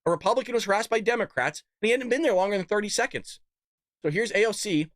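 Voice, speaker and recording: Recorded dry and at studio quality, a man hosting a political commentary livestream delivers an expressive, rapid-fire, expletive-laced tirade, doing mock voices as his pitch and volume surge.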